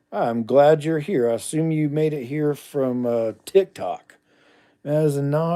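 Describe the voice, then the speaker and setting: A middle-aged man hosts a casual livestream, reading viewer comments aloud, answering them bluntly, and muttering asides under his breath. His voice is mid-range and mellow.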